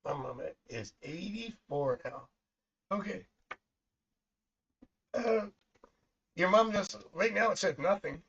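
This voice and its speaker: A talkative middle-aged man reads tarot cards live and drifts easily into stories about his family, laughing as he goes. His voice sits a little high for a man, and the stream audio sounds dull and lo-fi. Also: lively intonation, takes it slowly, long pauses, fairly bright tone, slight background noise. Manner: chatty and rambling, laughs often, tells family stories. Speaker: psychic tarot reader. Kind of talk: live-stream tarot reading, casual chat.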